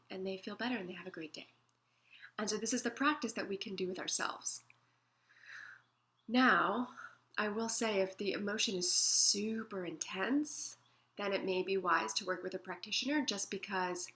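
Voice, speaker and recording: A woman teaching an emotional wellness method in a gentle, soothing way, sometimes acting out feelings as she talks. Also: medium pitch. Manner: gentle, soothing, acts out feelings in quoted asides. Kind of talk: guided self-help talk.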